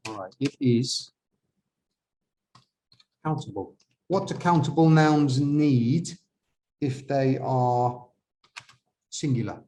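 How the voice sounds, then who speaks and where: A man teaching as an IELTS examiner, correcting an essay step by step and asking viewers questions, with slow, halting speech. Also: mid-range voice, a little mellow. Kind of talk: classroom-style essay correction.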